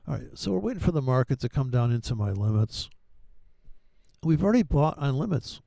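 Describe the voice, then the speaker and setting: Brief: gravelly, dark-voiced male trading educator, profane and sarcastic, dry close mic. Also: medium pitch, very animated, fairly quick, no echo. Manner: rambling, profane, sarcastic asides. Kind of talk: casual profane trading commentary.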